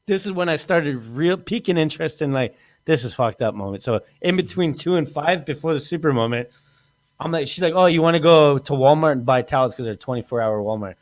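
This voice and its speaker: A man with a voice on the high side talks expressively and a little fast. He hosts a podcast, rambling through crude stories, laughing often and acting out what people said.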